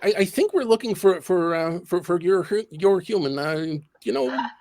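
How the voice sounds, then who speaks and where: A man's voice: high-pitched, expressive, moderate pace, darkish tone. A man playing a tabletop role-playing game, hesitant, with lots of ums and restarts. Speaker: player. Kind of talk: in-character tabletop play.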